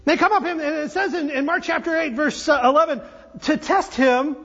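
Male pastor, very high voice, animated joking sermon; dull recording in a reverberant church. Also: fairly quick. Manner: animated, joking storyteller with restarts. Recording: dull audio with long hall reverb.

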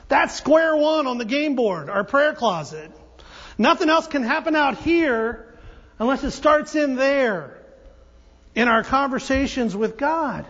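Male pastor, very high voice, animated joking sermon; dull recording in a reverberant church. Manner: animated, joking storyteller with restarts. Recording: dull audio with long hall reverb.

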